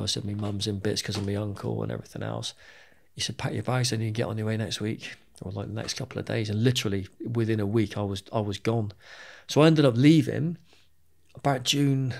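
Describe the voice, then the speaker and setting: Middle-aged man, gravelly voice, frank storytelling, swears, stumbles over repeated words. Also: on the low side. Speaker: podcast guest. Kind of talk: candid storytelling interview.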